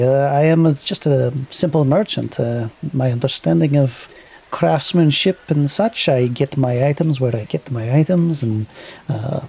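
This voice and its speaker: A man puts on a many-eyed merchant for a tabletop game, haggling in a put-on foreign accent. The voice is gravelly and husky, with a dark, mellow tone, and he hesitates and circles around his words. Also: medium pitch. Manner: hesitant, hand-wringing haggler, full of fillers. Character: wary, haggling male merchant with many eyes.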